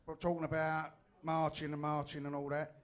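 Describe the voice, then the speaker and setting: A man's voice: on the high side, monotone, fairly quick. A man, speaking up bluntly from the floor of a meeting. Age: 60s. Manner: blunt, sweary, plain-spoken. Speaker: audience member.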